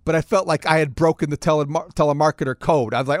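A man's voice: fairly high pitch, fairly even intonation, fast talker, dry recording, clean studio sound. A middle-aged man co-hosting a casual chat, telling a story animatedly and acting out both sides of a phone call. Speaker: co-host.

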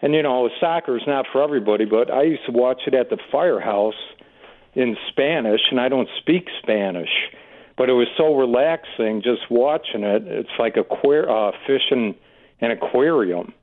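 A man calling in to a radio show, relaxed and chatty. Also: mid-range voice, normal speed. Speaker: caller. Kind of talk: phone call to a radio show. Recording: tinny phone line.

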